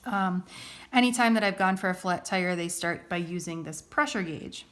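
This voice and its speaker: A woman's voice: on the low side, normal speed, a bit bright. A woman teaching a recorded science lesson in a casual, chatty way, often checking in with the listener.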